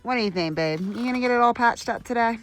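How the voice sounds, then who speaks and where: A woman's voice: on the high side, fast talker, fairly bright tone, faint music behind. A woman chatting cheerfully to her viewers in a casual travel vlog, filmed outdoors on a handheld camera. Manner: cheerful, talks to viewers as "guys". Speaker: vlogger.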